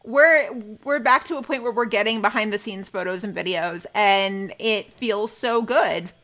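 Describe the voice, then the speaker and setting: A woman's voice: medium pitch, moderate pace, fairly bright tone. A young woman co-hosting a fan podcast, chatting casually and gushing with enthusiasm. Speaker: podcast co-host.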